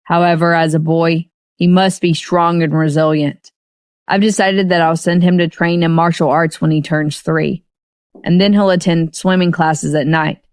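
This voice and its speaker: A woman's voice: low-pitched, fairly even intonation, normal speed, darkish tone, dry recording, studio quality, natural voice. A woman doing a stern lecturing young father. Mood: earnest. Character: young man, bossy husband and father.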